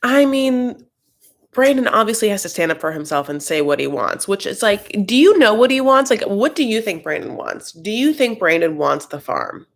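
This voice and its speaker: A man's voice: sits high, big pitch swings, normal speed, creaky. A man hosting a reality TV reaction show, recapping in a sassy, gossipy, campy way. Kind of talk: casual TV recap commentary.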